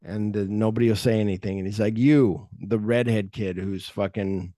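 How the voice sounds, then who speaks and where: A man's voice: fairly low pitch, flat delivery, brisk, dark tone, no echo, clean studio sound. A middle-aged man hosting a podcast, retelling movie scenes in casual chat and swearing freely. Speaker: podcast host.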